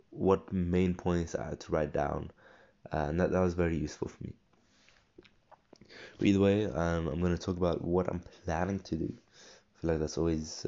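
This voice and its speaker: A man's voice: low voice, gravelly, a little mellow. A young man talking casually about his day, hesitant and full of fillers and restarts. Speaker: vlogger. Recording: dull lo-fi recording.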